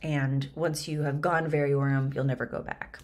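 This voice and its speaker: A woman and actor explaining a Shakespeare scene line by line, lively and chatty with quick laughs. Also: rumbling low.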